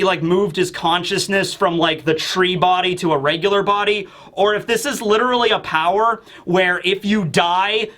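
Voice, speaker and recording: A man reviewing a manga chapter in casual chat, animated and acting out the characters. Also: high voice.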